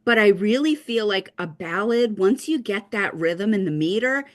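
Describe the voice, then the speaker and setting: Woman teacher, animated and encouraging, patient step-by-step explainer over a video call. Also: mid-range voice, moderate pace. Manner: upbeat, reassuring, explains step by step. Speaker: writing teacher. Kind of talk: casual online lesson.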